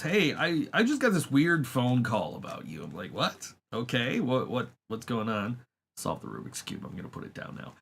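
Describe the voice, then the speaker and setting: Recorded on a studio microphone, a podcast host tells a long story in a casual, profane way and laughs often. His voice is mid-range with a fairly bright tone.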